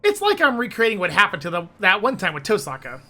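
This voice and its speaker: A woman's voice: medium pitch, wildly swooping pitch, quick pace, bright, forceful tone. A woman streamer narrating a visual novel read-along with a giggly, playful, chatty manner.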